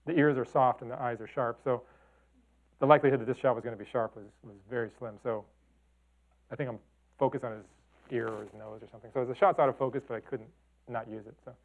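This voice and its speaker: A gravelly, medium-pitched male voice keeps a steady tone and a fast pace. The middle-aged speaker, from Chicago and Detroit, is a photographer giving a talk, casually wandering through thoughts on his photos with fillers and restarts, captured in tinny phone-like sound.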